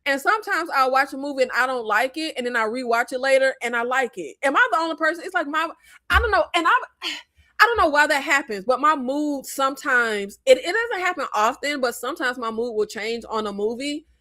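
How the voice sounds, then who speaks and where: A woman from the American South chatting casually on a movie livestream, talkative and quick to laugh and apologize. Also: sits high, lively intonation, bright, forceful tone.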